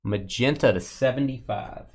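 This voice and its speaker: A man's voice: medium pitch, normal speed, darkish tone. Upbeat Southern man calling cards. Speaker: card break host. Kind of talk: livestream card break chat.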